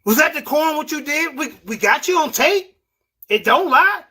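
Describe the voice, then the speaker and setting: Guy hosting a livestream argument, high bright voice, scolding and repeating himself. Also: animated, normal speed. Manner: combative, scolding, repeats words. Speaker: show host. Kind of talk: heated livestream debate.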